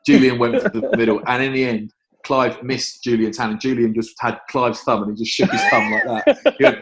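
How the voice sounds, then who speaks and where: An English man and former rugby player, a guest in a casual interview, telling lively stories and swearing freely. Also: mid-range voice, a little fast. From England.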